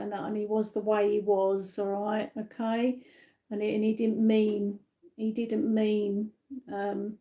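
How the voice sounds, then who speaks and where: A woman from the UK giving a live-stream psychic reading, gentle and reassuring, with many fillers and tag questions, a little tired. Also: mid-range voice. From United Kingdom. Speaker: psychic medium.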